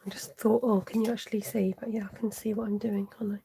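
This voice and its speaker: A woman's voice: medium pitch, flat delivery, fast, gravelly, mellow, slight background noise. A woman hosting a live card-making tutorial, chatting to viewers and muttering half-whispered asides to herself as she works. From United Kingdom. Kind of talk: live-streamed craft tutorial.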